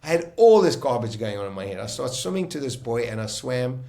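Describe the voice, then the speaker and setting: A man telling his own survival story in casual talk, vivid and emotional, often pausing and restarting. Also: mid-range voice, sing-song, gravelly, mellow.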